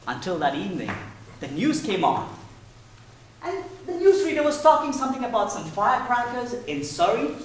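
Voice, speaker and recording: A man in his thirties giving a prepared contest speech in playful, animated storytelling. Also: extremely high pitch, normal speed, a little hiss or hum. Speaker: contest speaker. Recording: echoey hall, mic far off.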